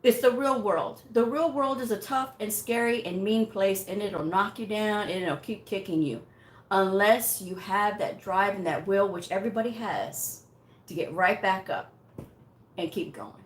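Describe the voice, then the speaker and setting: A woman's voice: medium pitch, moderate pace. A woman hosting a medical coding channel, telling a story bluntly and directly. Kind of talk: casual talking-head rant. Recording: echoey room sound.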